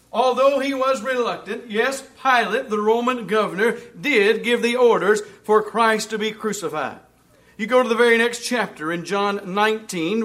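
A man preaching a sermon, reading scripture aloud, asking rhetorical questions, and swinging between loud emphasis and hushed asides. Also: sits high. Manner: asks the congregation rhetorical questions.

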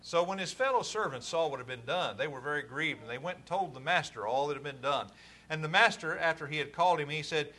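A man preaching a sermon, his voice bright and forceful with a slightly high pitch. He drives home each point with firm, emphatic stresses. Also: expressive, fast.

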